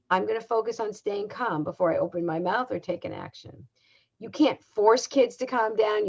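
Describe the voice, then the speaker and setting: An older woman giving a recorded talk as a parenting educator, speaking in a calm, measured and instructive way. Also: medium pitch, vocal fry, breathy edge. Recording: dull lo-fi sound.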